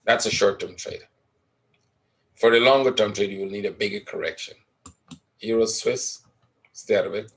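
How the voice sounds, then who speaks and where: A man's voice: on the low side, moderate pace, long pauses, a bit bright. A man teaching forex trading in a live webinar, talking casually through chart patterns and often checking in with "right?".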